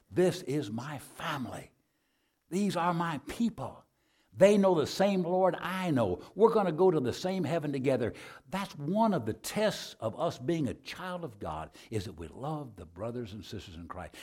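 Husky folksy preacher. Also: male voice, medium pitch. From Arizona. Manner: folksy storytelling, drops to soft prayer. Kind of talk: sermon with altar call.

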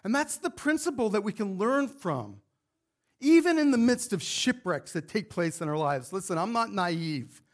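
In a church sanctuary before his congregation, a male pastor preaches a fervent sermon that builds to emphatic rhetorical questions. His voice sits high and sing-song, at normal speed.

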